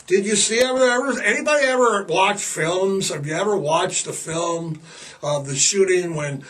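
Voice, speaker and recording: An older man in his sixties hosts a podcast with a high, bright voice, ambling along slowly and leaning hard on sarcasm. He sits a little back from the mic, so the sound is slightly distant. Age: 60s. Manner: sarcastic, jokey, drawn-out emphasis. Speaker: podcast host. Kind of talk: rambling casual monologue.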